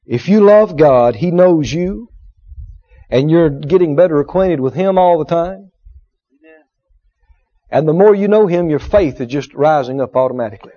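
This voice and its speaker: A man's voice: fairly high pitch, lively intonation, normal speed, pauses often, mellow. A man preaching a sermon, emphatic and repetitive, acting out quotes with humor. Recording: dull lo-fi sermon recording.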